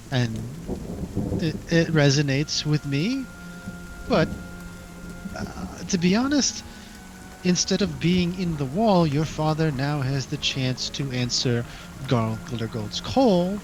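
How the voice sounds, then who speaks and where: A man role-playing at a tabletop game, speaking earnestly and reassuringly in character. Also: a little high. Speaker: player. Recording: background music.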